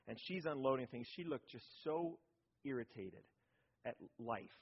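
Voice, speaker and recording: A man's voice: medium pitch, lively intonation, moderate pace, breathy edge. A man preaching a sermon in a conversational, storytelling way, often checking in with his listeners by asking "right?". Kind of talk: sermon on parenting. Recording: dull lo-fi recording.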